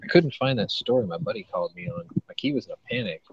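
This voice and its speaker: A man's voice: mid-range voice, animated, quick pace, breathy edge. A man hosting a casual podcast chat, rambling and profane, often restarting his sentences. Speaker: podcast host. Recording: dull lo-fi with faint noise.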